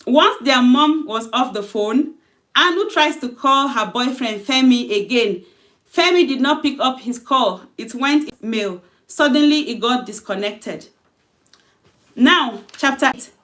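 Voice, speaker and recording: Woman, fairly high voice, informal storyteller reading her own tale, chatty and unpolished, restarts lines. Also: animated, measured pace, fairly bright tone. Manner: loose, conversational retelling with self-corrections.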